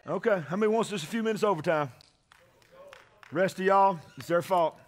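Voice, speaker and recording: A man preaching a sermon to his congregation, calling for amens and building to shouted peaks. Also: high-pitched, brisk. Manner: call-and-response preaching, rising to shouts at climaxes. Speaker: pastor. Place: church sanctuary with congregation.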